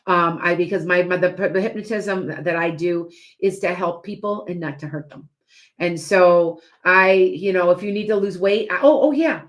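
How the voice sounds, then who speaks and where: A woman's voice: fairly low pitch, moderate pace. Lady psychic rambling on a live stream, restarts a lot, chatty asides to viewers.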